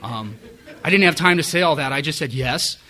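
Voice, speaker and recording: A man's voice: on the high side, animated, a little fast, pushed and bright. A middle-aged man candidly telling his own recovery story to a live audience, self-mocking and frank. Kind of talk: personal testimony to a live audience.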